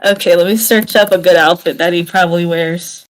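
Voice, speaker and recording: A woman's voice: lowish voice, fairly even intonation, a little fast, poor audio. A woman player in a tabletop game who talks loosely, laughs often and swears casually. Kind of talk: casual chat.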